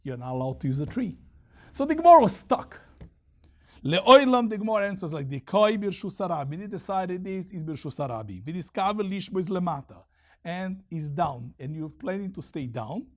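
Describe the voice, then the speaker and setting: Animated man teaching Talmud. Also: fairly high pitch, a little fast. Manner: animated, mixes Aramaic readings with English explanation. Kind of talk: Talmud lesson explanation.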